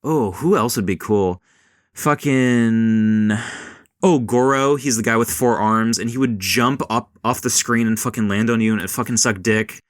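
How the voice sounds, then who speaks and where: A man's voice: fairly low pitch, normal speed, no room sound, clean studio sound. A man hosting a casual film and culture podcast, rambling and swearing as he talks. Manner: rambling, swears a lot, mimics voices. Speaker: podcast host. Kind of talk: casual chat.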